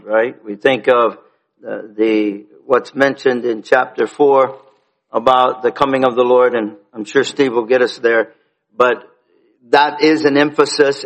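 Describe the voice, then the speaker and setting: A man's voice: medium pitch, fairly bright tone, rough recording. A man teaching from the Bible in a conversational way, stopping to restart and repeat words as he builds his point.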